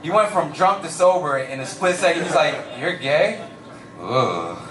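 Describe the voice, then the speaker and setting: A young male stand-up comic with a fairly high voice, spinning an animated story in casual slang. His voice rings around a roomy live venue, picked up from across the room. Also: distant mic, slight background noise. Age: young adult. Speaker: stand-up comedian. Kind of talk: stand-up comedy.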